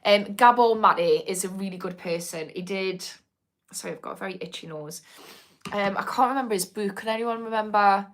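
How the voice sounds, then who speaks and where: An addiction therapist from Newcastle in the north of England hosts a casual live-stream Q&A, reading viewer comments and talking frankly with swearing and lots of ums. Her voice is mid-range at a normal speed.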